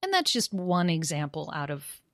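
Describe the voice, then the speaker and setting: A woman explaining pronunciation teaching, acting out example phrases with rising and falling intonation, animated and laughing easily. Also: low-pitched, moderate pace, no room sound, studio quality. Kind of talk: conversational discussion about teaching.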